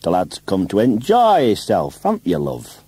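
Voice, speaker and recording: A man's voice: mid-range voice, wildly swooping pitch, moderate pace, gravelly, warm tone, husky, dry recording, voice pushed up, heavily acted. A man doing a bouncy, motherly woman. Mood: teasing. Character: lively, motherly woman full of bouncing vitality.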